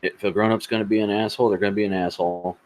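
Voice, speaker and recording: A man's voice: fairly low pitch, level tone, very fast, a little mellow, poor audio. A man co-hosting a casual tech podcast, blunt, sarcastic and profane in his remarks. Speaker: podcast co-host.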